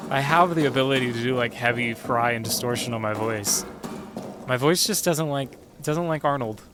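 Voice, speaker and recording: A man streaming a horror game, chatting casually and swearing freely while he mutters to himself and answers chat. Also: mid-range voice. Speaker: streamer and voice actor.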